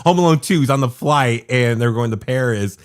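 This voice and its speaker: A man co-host rambling through casual chat, restarting his sentences and leaning on fillers. His voice sits at an ordinary, mid pitch for a man. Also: a little fast, clean tone. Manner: rambling, hesitant, full of fillers. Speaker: radio show co-host.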